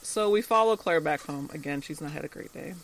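Lively, laughing male podcast co-host. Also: on the high side, a little fast. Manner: animated, laughs often, acts out quoted lines. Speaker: podcast co-host recapping a TV episode. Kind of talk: casual chat.

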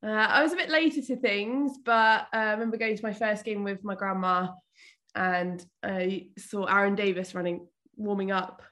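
A woman's voice: mid-range voice, steady tone, normal speed, fairly bright tone. A woman guest in a casual football chat, cheerful, laughing and diplomatic.

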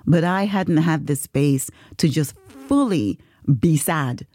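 A woman's voice: low voice, animated, slow pace, mellow, no echo. A woman hosting a podcast, telling a personal story in casual chat, laughing often and acting out the voices of others. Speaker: podcast host.

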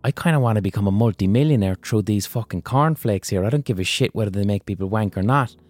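A man's voice: on the low side, quick pace, darkish tone, dry recording, soft background music, lightly acted. A man voicing a greedy, cynical male businessman who talks bluntly and dismissively.

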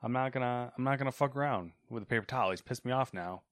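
A man's voice: mid-range voice, fast, a bit bright, no room sound, studio quality. A man co-hosting a podcast, chatting casually with curse words and self-mockery. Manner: swearing, self-mocking. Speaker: podcast co-host. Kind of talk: casual chat.

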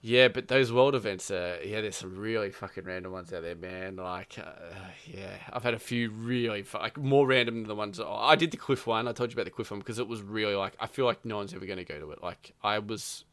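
A man's voice: on the low side, brisk, hardly any pauses. A young man, chatting casually about a video game, swearing often and breaking into laughter. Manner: animated, swears a lot, bursts into laughter. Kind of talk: casual gaming chat.

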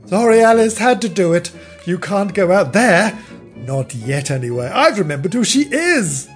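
Bossy, absent-minded older woman, voiced by a man, brisk and rambling. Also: wildly swooping pitch, fairly bright tone, soft background music. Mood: urgent. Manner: brisk raised falsetto, rambling.

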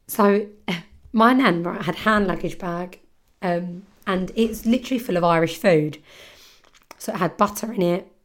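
A woman's voice: lowish voice, measured pace. A young woman hosting a podcast, chatty and giggly, telling a story with casual swearing. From London, England. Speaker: podcast host.

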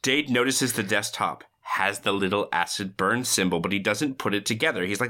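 Bright-voiced man recapping a movie. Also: lowish voice, normal speed, few pauses. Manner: animated storytelling. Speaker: podcast guest. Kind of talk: casual chat.

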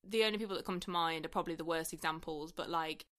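A British woman co-hosting a casual film review chat, animated and playful. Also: sits low. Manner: animated, playful, quick to laugh. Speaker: podcast co-host.

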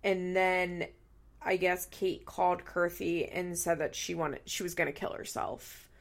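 A woman in her thirties hosts a recap podcast with a heavily gravelly, fry-laden voice. She sounds tearful yet blunt, swearing freely and doubling back on her own sentences. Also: fairly low pitch, level tone, unhurried. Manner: blunt and profane, rambling with self-corrections. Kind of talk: candid casual chat.

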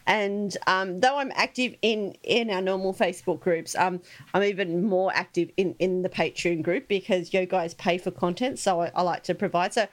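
A woman's voice: lowish voice, fairly even intonation, normal speed. A talkative woman co-hosting a podcast in casual chat. She laughs easily and keeps restarting her words as she explains things. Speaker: podcast co-host.

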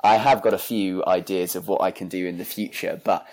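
Young british man, podcast guest, lowish voice, self-deprecating, rambling anecdotes. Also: steady tone, fairly quick, a little mellow. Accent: British English. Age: 20s. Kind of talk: casual chat, anecdotal storytelling.

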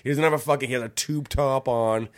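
A man casually telling a rowdy story on a podcast, swearing freely and jumping into high-pitched voices when quoting people. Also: fast talker. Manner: animated, swearing, acts out voices with big pitch jumps. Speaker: podcast co-host.

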